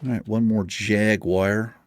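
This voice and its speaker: A man's voice: fairly low pitch, flat delivery, measured pace, no room sound. A man hosting a gaming video, chatting casually in a rambling, meandering way while he plays. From Virginia. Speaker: gaming channel host. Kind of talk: casual chat while playing a game.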